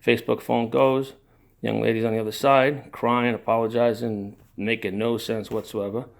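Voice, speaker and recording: A man's voice: medium pitch, little pitch movement, moderate pace, gravelly. An older man telling a personal family story in a rambling, digressive way, with sighs, restarts and emotion. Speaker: narrator of his own family story.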